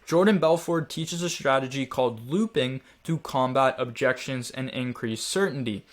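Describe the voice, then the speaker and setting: A man's voice: medium pitch, normal speed. A man teaching a sales training lesson in a direct, coaching manner, urging his listeners on.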